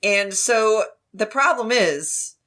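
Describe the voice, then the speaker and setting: A woman's voice: medium pitch, slow. A woman co-hosting a podcast, chatting casually and swearing freely while acting out scenes. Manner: animated, swears freely, acts out lines. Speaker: podcast co-host. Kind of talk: casual chat recapping a novel.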